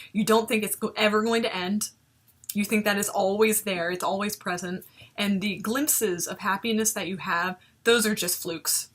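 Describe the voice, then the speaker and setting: A woman's voice: medium pitch, fairly bright tone. A young woman looking back on an old video of herself, talking casually and animatedly, with self-mocking humor and frequent laughs. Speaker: vlogger reviewing her old video. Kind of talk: reflective casual commentary.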